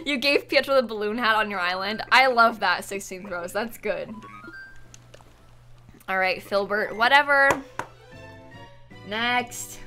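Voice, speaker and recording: A young woman talks casually during a game stream, reading out chat names to thank viewers, while music plays underneath. Her medium-pitched voice is pushed and bright, and she keeps a measured pace with frequent pauses.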